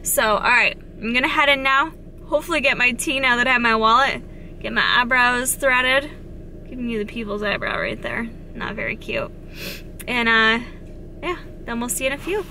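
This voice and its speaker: A young woman films herself for her vlog, talking in a casual, upbeat ramble full of "like". Her voice sits a bit high and sounds bright and forward. A faint hiss lies under the handheld recording. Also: expressive, moderate pace. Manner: chatty, upbeat, says "like" often. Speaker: fitness vlogger. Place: out and about: car, gym, home.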